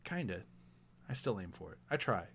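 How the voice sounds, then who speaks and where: A man hosting a casual film review chat, animated and laughing often, acting out movie quotes. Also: sits low, moderate pace, creaky, slightly rough. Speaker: podcast host.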